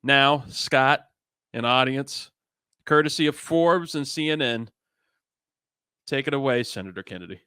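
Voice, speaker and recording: A man's voice: medium pitch, unhurried, pauses often, bright, forceful tone, smooth, no echo, studio quality. A young man hosting a sports variety show, chatting casually in a rambling, self-amused way. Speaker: host.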